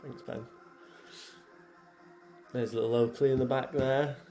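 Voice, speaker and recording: A man, head programmer and athlete, talking casually over his own workout footage in a relaxed, chatty way with many fillers. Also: medium pitch, a little slow, faint music behind.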